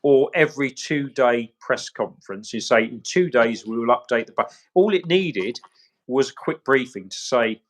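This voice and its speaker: A man's voice: mid-range voice, lively intonation, normal speed. A middle-aged man, recounting events emphatically in an interview, often quoting what people said. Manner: emphatic, quotes others' words, repeats points. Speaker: search specialist interviewee.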